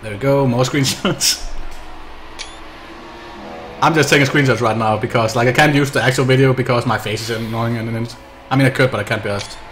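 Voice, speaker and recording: Guy chatting over his racing stream, sarcastic and sweary, mid pitch, roomy mic with faint hum behind. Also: fairly even intonation, fast, hardly any pauses, a bit bright. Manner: sarcastic, swearing, self-mocking. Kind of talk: casual gameplay commentary.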